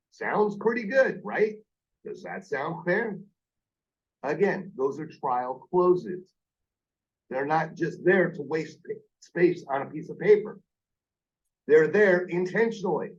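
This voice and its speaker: A man's voice: on the high side, darkish tone, highs cut off. A man training call-center staff on phone sales, speaking emphatically and repeating his key points. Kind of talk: coaching a call-center team.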